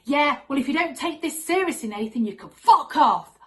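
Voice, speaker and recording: Picture a tiny, fierce six-year-old girl, as a woman storyteller puts her on, pitched high and loud. She snaps her words out like a scolding. She has the mouth of a grown-up bully. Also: lively intonation, moderate pace.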